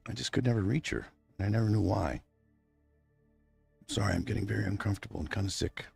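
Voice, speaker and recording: Gravelly, husky middle-aged man streaming. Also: lowish voice, fast talker, long pauses, a little mellow, no room sound, faint music behind. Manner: rambling, heartfelt, addresses his absent wife directly. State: near tears. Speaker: livestream host. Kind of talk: unscripted emotional monologue.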